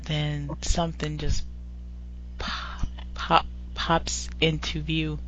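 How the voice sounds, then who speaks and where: A woman's voice: sits low, little pitch movement, takes it slowly. A woman co-hosting a casual celebrity chat, playful and slangy, slipping into whispered asides. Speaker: podcast co-host. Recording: dull lo-fi recording with hum.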